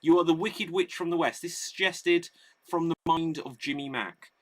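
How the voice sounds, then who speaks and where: A man's voice: fairly high pitch, normal speed. A man hosting a live online improv comedy show, reading out audience votes and setting up games. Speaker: host.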